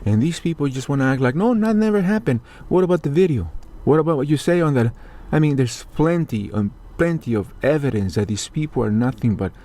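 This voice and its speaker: A man's voice: mid-range voice, dark tone. A man from Mexico delivering a heated, profane political rant, indignant and sarcastic as he talks straight to his viewers. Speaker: political commentator.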